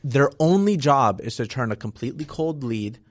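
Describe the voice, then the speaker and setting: A man's voice: mid-range voice, animated, moderate pace, no room sound. A man speaking as a real estate investor guest in a casual interview, frank and explanatory, often tagging "right?" onto his points.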